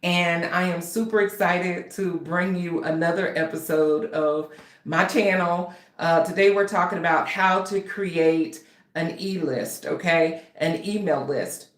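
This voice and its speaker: A woman author and writing coach hosts a livestream on her channel, chatting casually and a bit nervously with viewers. Her voice is on the low side with fairly even intonation, and she speaks a little slowly. The sound is roomy.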